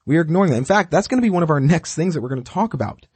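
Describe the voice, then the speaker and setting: Talking very fast in a husky, fairly high-pitched voice, a man coaches dog training in direct, repetitive steps, animatedly acting out what the dog thinks. The recording is dry.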